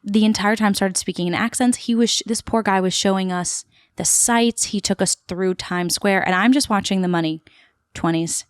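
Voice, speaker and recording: A woman's voice: medium pitch, normal speed, clean tone, no room sound, studio quality. A woman from Queens, telling a story as a chatty podcast guest with lots of fillers. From Queens, New York City. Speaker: podcast guest, actor and tour guide. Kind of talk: casual storytelling interview.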